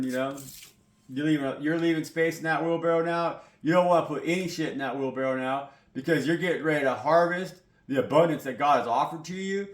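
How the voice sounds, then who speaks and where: A man giving a casual tarot reading to camera, talking in a loose, rambling, profane way full of "you know" fillers. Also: on the high side. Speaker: tarot reader. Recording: echoey room with faint noise.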